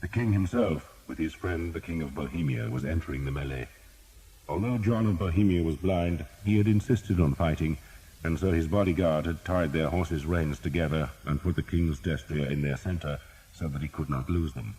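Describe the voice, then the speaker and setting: A man with an extremely deep voice reads a historical audiobook. His tone is husky and a little rough, and his delivery is steady and measured, carrying the action line by line. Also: low-quality recording. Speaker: audiobook narrator. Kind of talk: dramatic audiobook narration.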